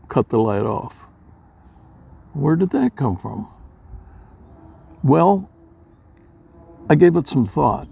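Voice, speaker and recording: Slow gravelly older man. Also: medium pitch, a little mellow. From Minnesota. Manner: folksy, unhurried, plain-spoken. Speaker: storyteller. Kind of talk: casual personal storytelling.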